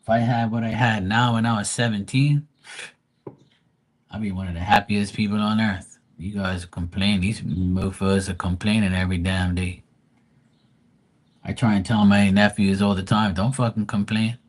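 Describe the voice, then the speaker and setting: Man, low voice, husky, blunt, profane, ranting, live stream host. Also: fairly even intonation, normal speed. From Bermuda.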